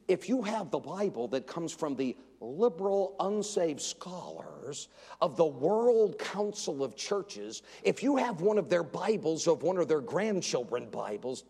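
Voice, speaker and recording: A man preaching a sermon in an emphatic, sarcastic way, swinging between loud and hushed delivery. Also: fairly high pitch, gravelly, breathy edge. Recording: reverberant hall.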